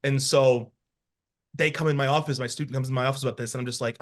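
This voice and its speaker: A man co-hosting a casual podcast, telling work stories in an animated, rambling way with frequent laughter. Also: medium pitch, fast. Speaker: podcast co-host, housing professional.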